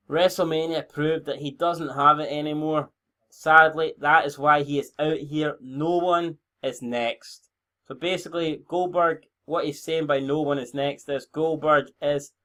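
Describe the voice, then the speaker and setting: A man's voice: fairly high pitch, a bit bright. A Scottish man in his twenties giving casual, rambling, sweary commentary on a wrestling booking game, often breaking off mid-sentence to correct himself. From Scotland. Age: 20s. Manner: rambling, sweary, self-interrupting. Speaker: YouTube gamer.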